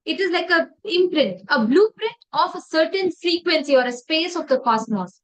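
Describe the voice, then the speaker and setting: A woman explaining spiritual ideas to a class in a measured way, checking that her listeners follow. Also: very high voice, animated, poor audio.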